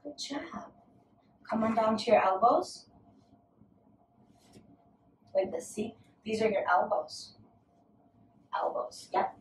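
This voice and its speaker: Encouraging yoga teacher, echoey room. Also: female voice, a little high, fairly even intonation, measured pace, slight background noise. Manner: gentle, encouraging cues. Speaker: yoga instructor. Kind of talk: guided yoga class with a toddler. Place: home room. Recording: echoey room, mic at a distance.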